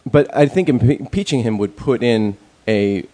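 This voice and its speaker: A man's voice: medium pitch, lively intonation, normal speed, warm tone. A man in a casual chat, rambling with many fillers and restarts and speaking bluntly, with some profanity.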